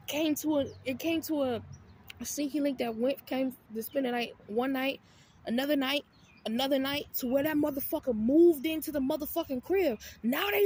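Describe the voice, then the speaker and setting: Blunt, high-voiced woman ranting outdoors. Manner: profane, blunt, animated storytelling; acts out her own retorts in a raised voice. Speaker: vlogger. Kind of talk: casual storytime rant.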